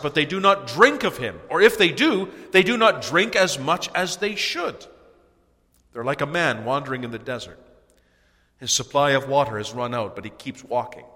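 A man preaching a sermon in an earnest way, his voice swelling to loud cries on key phrases. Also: fairly high pitch. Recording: long hall reverb.

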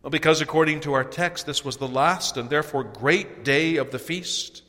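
A man delivers a sermon with earnest urgency, his somewhat high voice bright and forceful. He swells into loud cries on key phrases. A long reverb trails every word, as in a large church hall. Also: normal speed. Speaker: preacher.

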